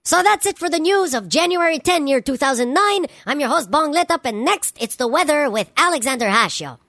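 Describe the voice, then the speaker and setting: A brash stoner news anchor, as a woman puts him on, peppering the report with swearing and street slang. The voice is high and close to a dry mic. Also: expressive, brisk, fairly bright tone, no room sound. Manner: slangy, profane, "you know what I'm saying". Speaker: comedy radio host. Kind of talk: comedy radio sketch.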